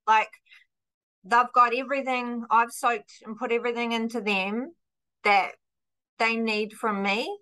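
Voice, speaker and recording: Bright, lively woman, cheerful guest. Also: a little high, measured pace. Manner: lively and animated, swears freely. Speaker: podcast guest, fitness coach. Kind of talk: casual interview chat.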